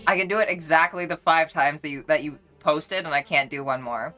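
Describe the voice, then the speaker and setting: A woman's voice: low voice, a little fast, sharp tone, faint music behind. A woman streamer chatting casually with her viewers, rambling along with many restarts.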